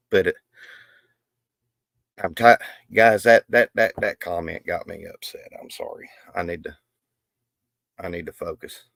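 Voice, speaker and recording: Folksy man, low dry voice. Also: vocal fry, no room sound. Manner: rambling, restarts often, folksy. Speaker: livestream host. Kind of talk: casual live stream talk.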